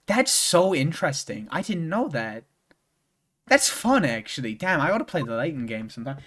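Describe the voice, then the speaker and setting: A young man talking casually over a game stream, his voice sitting a little higher than most men's. He rambles and loops back on himself, filling gaps with lots of "like" and "um". He swears offhandedly as he goes. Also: big pitch swings, normal speed, fairly bright tone. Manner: rambling, full of "like" and restarts, swears freely. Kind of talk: casual chat while playing a game.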